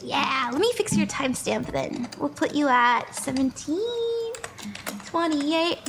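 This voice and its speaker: A woman's voice: high voice, expressive, takes it slowly, background noise. A young woman doing a casual live-stream tarot reading, chatty and bubbly, laughing often and greeting viewers by name.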